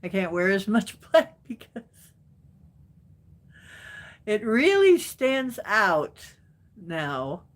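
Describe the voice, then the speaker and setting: Chatting with her viewers on a casual live stream, a woman takes her time answering their comments and laughs a lot. Her medium-pitched voice swings widely in pitch.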